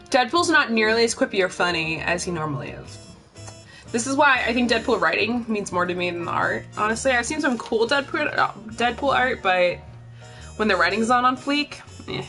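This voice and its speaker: A woman's voice: fairly high pitch, lively intonation, normal speed, bright, forceful tone, faint music behind. A young woman streamer chatting casually and profanely while reading comics, self-mocking and chatty. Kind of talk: casual chat.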